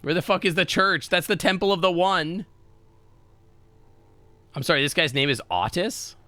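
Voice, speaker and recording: A man's voice: sits high, normal speed, sharp tone, no echo. A man streaming a video game, chatting casually and swearing now and then. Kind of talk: casual gameplay chat.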